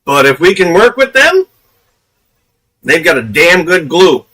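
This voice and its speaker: A man's voice: on the high side, very animated, unhurried, bright, forceful tone, distant mic, low-quality recording. A man giving casual, profane commentary on a live stream, laughing often.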